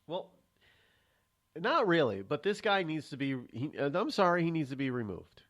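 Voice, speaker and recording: A man's voice: fairly high pitch, expressive. A man hosting a talk show, chatting and then giving his own opinions on the news. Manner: halting restarts, then forceful opinions on the news. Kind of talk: casual talk radio commentary.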